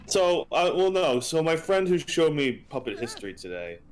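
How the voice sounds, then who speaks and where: A young man co-hosting a live gaming stream, chatting in a lively way and laughing easily. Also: fairly high pitch, moderate pace, faint music behind, poor audio. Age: young adult. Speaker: livestream co-host. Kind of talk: casual chat on a gaming stream.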